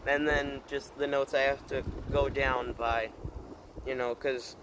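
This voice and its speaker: A man chatting casually to his channel, rambling and hesitant, full of fillers and deadpan puns. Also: medium pitch, a little slow, very noisy. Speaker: channel host. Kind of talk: casual vlog chat.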